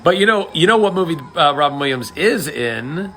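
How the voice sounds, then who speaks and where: A man's voice: fairly high pitch, animated, normal speed, a bit bright, slight background noise. A man in his thirties hosting a live chat and answering viewer questions, rambling and full of fillers and restarts. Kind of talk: casual chat.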